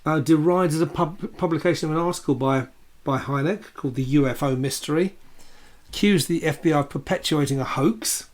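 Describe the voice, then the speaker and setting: Guy on a podcast laying out facts calmly, fairly high voice. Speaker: podcast co-host. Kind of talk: casual podcast chat.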